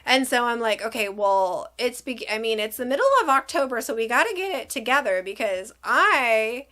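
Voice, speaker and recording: A woman's voice: fairly high pitch, normal speed. A woman vlogger telling a story in a casual, chatty way, acting out what people said. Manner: chatty, animated, acts out quotes.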